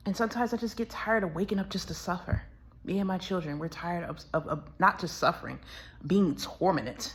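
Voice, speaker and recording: Weary low-voiced woman with a gravelly edge. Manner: weary, aggrieved, repeats herself. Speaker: vlogger. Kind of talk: emotional monologue to camera.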